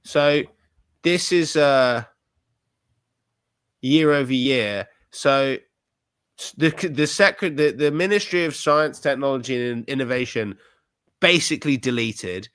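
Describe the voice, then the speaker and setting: A man co-hosting a podcast, talking in a blunt, sweary, animated rant. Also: mid-range voice, a little slow, long pauses, clean tone, no echo. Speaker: podcast co-host. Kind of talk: ranty casual chat.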